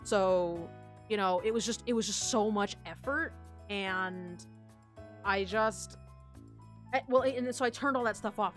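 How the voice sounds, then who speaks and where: Giggly rambling young woman streamer. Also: medium pitch. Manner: giggly, rambling, self-deprecating. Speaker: livestreamer. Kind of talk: casual stream chat.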